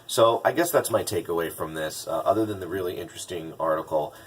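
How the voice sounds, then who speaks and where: A man speaks casually in a vlog, drawing on his work as a business coach. His voice is low and husky. He restarts sentences often and gets animated when quoting people, recorded from a distance. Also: fast. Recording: distant mic.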